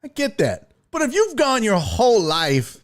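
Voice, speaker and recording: A man's voice: high-pitched, moderate pace. Middle aged guy on a sports stream, cussing, joking around, voice bouncing all over. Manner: profane, animated, jokey, slips into mock voices. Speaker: sports talk show host. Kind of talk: casual live-stream chat, reading viewer comments.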